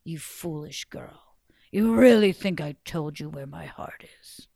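A woman voicing a huge, gruff, man-eating giant who booms slowly and hisses some lines in a loud whisper. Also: expressive, no room sound, studio quality, heavily acted. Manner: booming slow chant with hissed whispery lines.

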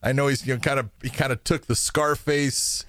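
A man's voice: mid-range voice, fairly even intonation, moderate pace, fairly bright tone, no echo, clean studio sound. A man co-hosting a casual talk show, loose and profane, with lots of fillers. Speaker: co-host. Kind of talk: casual podcast chat.

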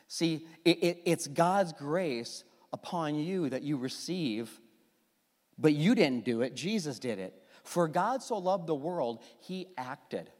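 A man preaching a sermon as pastor, lively and joking, acting out little quoted exchanges. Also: on the high side, slow. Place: church sanctuary. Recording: long church hall reverb.

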